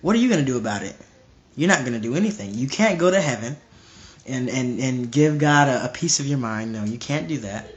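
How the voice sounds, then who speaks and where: A man's voice: medium pitch, animated, brisk. A young man preaching informally to a live stream, emphatic and repetitive, often restarting his phrases.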